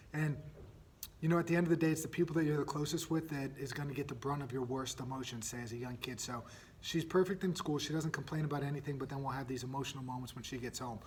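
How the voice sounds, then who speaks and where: A man in his thirties hosting a solo parenting podcast, telling stories in a casual, energetic way and often checking in with "right?". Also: medium pitch, breathy edge. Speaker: podcast host.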